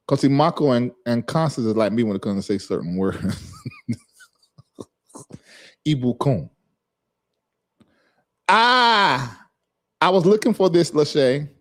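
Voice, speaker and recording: Male live-stream host, casual and chatty, medium pitch, addresses chat viewers and repeats words for them to copy. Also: lively intonation, takes it slowly, pauses often. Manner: chatty, repeats and drills a word's pronunciation; talks to chat viewers by name.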